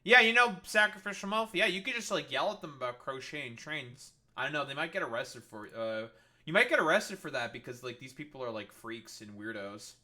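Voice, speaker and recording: A man reacting to news footage talks a little fast in an animated, medium-pitched voice that's pushed and bright. His commentary is a sarcastic, scornful rant laced with swearing, fillers, and many restarts.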